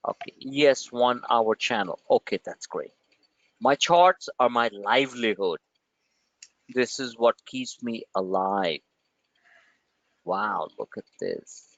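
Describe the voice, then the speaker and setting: A man hosting a livestream of market commentary, rambling and joking in an animated way. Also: medium pitch, slow pace, pauses often, dry recording, lo-fi sound. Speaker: trading channel host.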